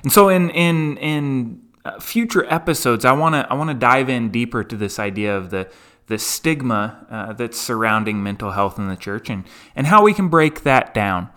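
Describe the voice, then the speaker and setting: A man's voice: mid-range voice, animated, a bit bright. A male pastor giving a conference talk, candid and personal, with frequent fillers and restarts. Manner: halting, many fillers and restarts.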